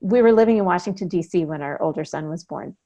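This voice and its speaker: A woman's voice: lowish voice, quick pace, dark tone. A woman in her fifties, a podcast guest, telling a personal story reflectively, acting out the lines of the people in it. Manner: reflective, vivid storytelling with quoted dialogue.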